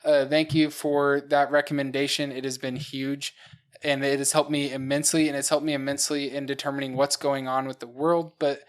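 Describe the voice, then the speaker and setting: A man's voice: mid-range voice, level tone, brisk, clean tone. Podcast co-host, male, methodical explainer, plain conversational delivery. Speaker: podcast co-host, dungeon master. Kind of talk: casual chat.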